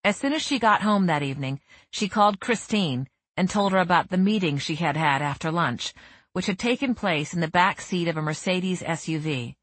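A woman narrating a novel in a measured, even storytelling manner. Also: lowish voice, no room sound. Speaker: audiobook narrator. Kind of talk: scripted narration.

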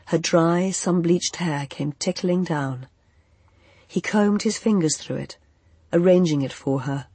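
An audiobook narrator telling a fantasy story in a soft, unhurried, expressive way. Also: mid-range voice, breathy edge, no echo.

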